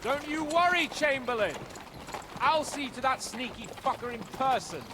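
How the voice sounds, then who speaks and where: A foul-mouthed medieval lord. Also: male voice, very high voice, lively intonation, moderate pace, noisy background. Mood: gruff. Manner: coarse, swearing. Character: brash medieval male nobleman, coarse and boastful.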